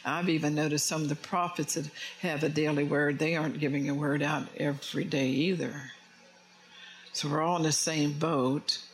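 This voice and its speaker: A male pastor with a slightly raised pitch delivers a relaxed, talkative sermon. He jokes and asks the congregation questions, with faint ambient noise behind him. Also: moderate pace, low-quality recording. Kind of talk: conversational sermon. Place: church before a congregation.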